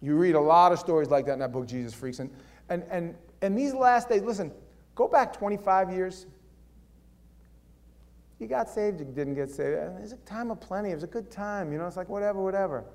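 A male pastor preaching a sermon in a casual, animated way, swinging between loud and hushed delivery. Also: high voice, a little fast.

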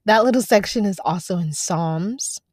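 A woman hosting a devotional podcast, chatting casually and encouragingly, then reading scripture aloud slowly. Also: medium pitch, a little mellow, slightly rough, no echo, clean studio sound. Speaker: podcast host.

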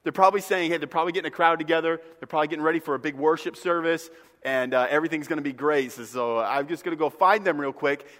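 A man preaching a sermon as a pastor, retelling a scripture story with humor and lively asides in a church. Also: fairly high pitch, fast talker. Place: church sanctuary. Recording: long reverb of a large hall.

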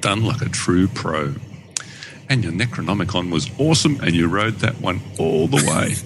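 Low-voiced animated man reading email. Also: moderate pace. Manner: animated, laughs often while reading. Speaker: podcast co-host reading listener email. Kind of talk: casual chat.

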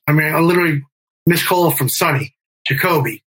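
A man's voice: on the high side, fairly quick, a bit bright, slight background noise, poor audio. A middle-aged man telling a long story in casual interview talk, rambling with fillers and restarts and swearing. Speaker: guest, band member and music manager.

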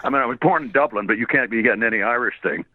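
Slightly hoarse man on a phone line. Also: medium pitch, racing, slight background noise. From Canada. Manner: rambling, laughs often, acts out quoted voices. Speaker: guest voice actor. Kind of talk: casual interview storytelling.

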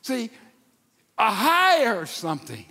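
An older man preaching a sermon in a folksy, animated way, with stammered restarts. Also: very high voice, slow. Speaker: pastor. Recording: long reverb of a large hall.

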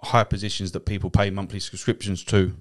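A man's voice: sits low, little pitch movement, a little fast. A man with a London accent chatting casually as a podcast co-host, sweary and rambling, often breaking into laughs. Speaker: podcast co-host, cab driver. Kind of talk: casual chat.

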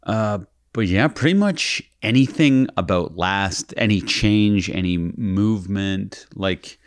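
Man, 30s, podcast co-host, very low voice, self-deprecating humor. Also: takes it slowly, clear, resonant tone, dry recording. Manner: laid-back, wry, self-deprecating. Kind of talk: casual chat.

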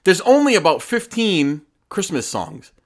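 A man's voice: sits high, sing-song, unhurried. Wisecracking man cohosting a podcast. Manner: wisecracking, plays dumb for laughs. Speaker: podcast co-host. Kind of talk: casual chat.

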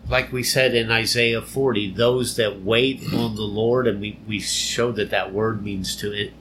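A man giving an unhurried, conversational Bible teaching, explaining and repeating phrases for emphasis. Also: fairly low pitch, steady tone, fairly bright tone, a little hiss or hum, low-quality recording.

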